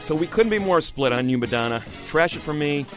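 A man co-hosting a radio music review show, talking in an opinionated, emphatic way with quick restarts. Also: fairly high pitch, animated. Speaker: music critic co-host. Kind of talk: casual radio review chat.

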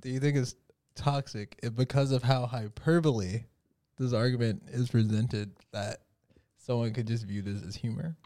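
A man's voice: medium pitch, steady tone, moderate pace, dark tone. A man chatting casually as a podcast guest, rambling through a story with lots of fillers and restarts. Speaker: guest musician.

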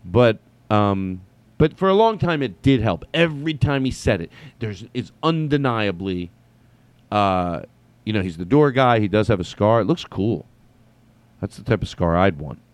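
A man's voice: lowish voice, animated, normal speed, dry recording. A man telling a story casually as a comedian host, rambling with many restarts and some swearing. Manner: rambling, profane, lots of restarts.

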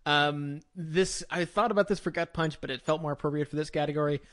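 A man's voice: on the high side, steady tone, fairly quick, a bit bright. A man co-hosting a TV podcast, chatting casually with a wry, laughing manner. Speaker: podcast co-host. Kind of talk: casual TV review chat.

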